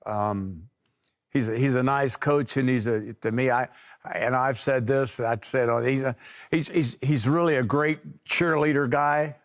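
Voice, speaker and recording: A man co-hosting a sports talk show, speaking in a rambling, halting way with many restarts. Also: mid-range voice, fairly even intonation, no echo, clean studio sound. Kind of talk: casual sports radio talk.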